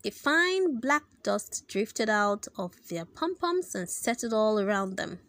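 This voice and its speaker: A woman reading a children's book aloud in an expressive, animated storytelling manner. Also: mid-range voice, slow pace, no room sound.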